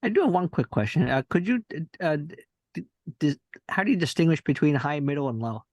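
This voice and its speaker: A man's voice: fairly high pitch, lively intonation, a little fast, a little mellow, no echo. A man, a student, asking a hesitant question on a video call.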